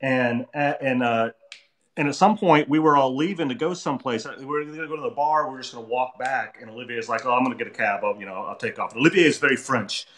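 A man's voice: medium pitch, quick pace, a bit bright. A man casually telling rambling, funny stories, restarting sentences and quoting people as he goes. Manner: chatty, rambling anecdotes with restarts and quoted voices. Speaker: artist telling stories on a Q&A stream. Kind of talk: casual storytelling. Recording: echoey room.

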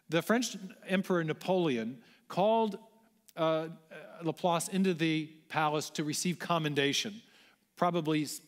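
A man giving a public lecture to a large audience in a church auditorium, explaining in a conversational way with the odd light aside. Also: fairly high pitch. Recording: echoey hall.

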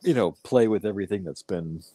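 A man's voice: fairly low pitch, fairly quick, slightly rough, dry recording. A man co-hosting a casual movie podcast, swearing freely and restarting his sentences. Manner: profane, excitable, trailing restarts. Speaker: podcast co-host.

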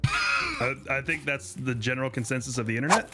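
A man's voice: mid-range voice, expressive, fairly quick, very noisy. A man joking and teasing his squad mates during an online game. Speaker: streamer and squad player. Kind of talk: casual game chat.

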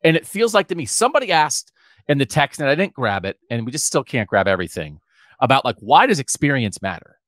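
A man's voice: mid-range voice, sing-song, fast talker, a bit bright, dry recording, clean studio sound. A man co-hosting a sports podcast, chatting animatedly and thinking aloud. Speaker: podcast co-host. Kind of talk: casual sports talk podcast.

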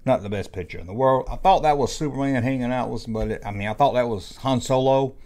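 A man's voice: mid-range voice, fast, darkish tone. A man casually commenting on old comic book ads, with jokey, sarcastic asides. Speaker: YouTube host reviewing old comic ads.

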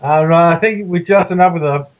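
A man's voice: fairly high pitch, fast talker, narrow, tinny audio. A man in a casual co-op game session, speaking hesitantly and restarting his sentences. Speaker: co-op player. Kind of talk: casual gaming banter.

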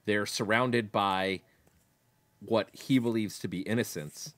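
A man's voice: lowish voice, fairly even intonation, takes it slowly, fairly bright tone, no echo. A man co-hosting a casual book discussion podcast, blunt and sarcastic in a laid-back way. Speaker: podcast co-host.

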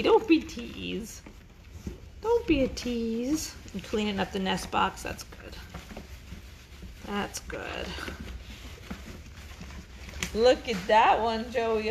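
A woman chats away to her dogs and the camera, slipping into a sweet singsong coo. Her voice sits a little high, with a gravelly, creaky edge at the ends of phrases. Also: background noise. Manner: chatty, laughing easily. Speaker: farm vlogger. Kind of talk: casual talk to dogs and camera.

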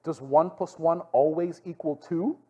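A youth pastor with a Hawaiian Pidgin-tinged accent teaches a youth group, telling animated stories and often checking in with "okay?". His voice is husky and on the high side, unhurried, with phone-quality sound.

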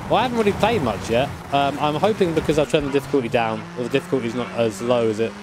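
A man's voice: medium pitch, lively intonation, fast. Male streamer, casual and jokey, swears a lot, game engine noise underneath. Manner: casual, joking, swears freely. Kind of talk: live-stream gaming commentary. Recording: game car noise behind. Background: racing game engine sounds.

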